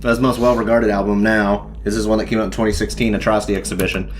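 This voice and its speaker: A man's voice: fairly low pitch, little pitch movement, fast talker, a little hiss or hum. A young man co-hosting a podcast, telling rambling stories with bursts of mock ranting and heavy swearing. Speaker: podcast co-host. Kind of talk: casual chat.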